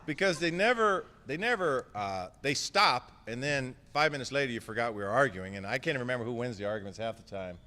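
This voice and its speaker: Joking, affectionate man with a bright voice. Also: mid-range voice, animated, brisk, hardly any pauses. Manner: joking and affectionate, thanking people by name. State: a little emotional. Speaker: outgoing mayor giving concession speech. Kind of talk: emotional farewell speech. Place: indoor press conference hall. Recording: echoey hall with crowd murmur.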